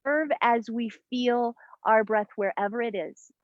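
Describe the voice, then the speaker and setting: A woman teaching a yoga breathing class outdoors, giving slow, soothing cues with long pauses, recorded on a camera mic. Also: fairly high pitch, phone-quality sound. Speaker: yoga instructor. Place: outdoors in the mountains. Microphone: camera mic, looking up at camera.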